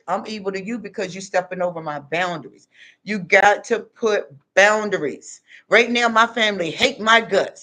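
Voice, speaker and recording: A woman's voice: medium pitch, moderate pace, pushed and bright. A middle-aged woman talking straight to her viewers in a casual monologue, blunt and plain-spoken with street slang. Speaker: vlogger giving life advice.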